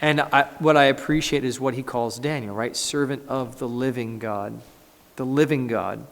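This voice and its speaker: A man, a pastor, preaching a conversational, animated sermon in a church and acting out scripture. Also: medium pitch, normal speed, vocal fry. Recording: echoey church hall.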